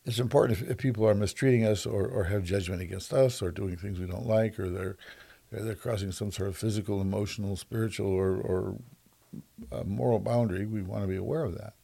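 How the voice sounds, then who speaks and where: A man giving a reflective monologue who stops and restarts often and repeats words, slowing down to stress soft points. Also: fairly low pitch, fairly even intonation, creaky, husky. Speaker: speaker on self-judgment and kindness.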